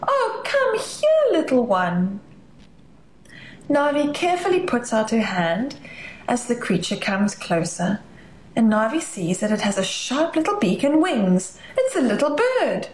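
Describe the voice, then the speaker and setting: A woman reads a children's story in a gentle, expressive way. Her voice sits slightly high and moves a lot, at an unhurried pace. There is a roomy echo and faint ambience behind her. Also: a little hiss or hum. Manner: gentle, expressive, with hushed asides.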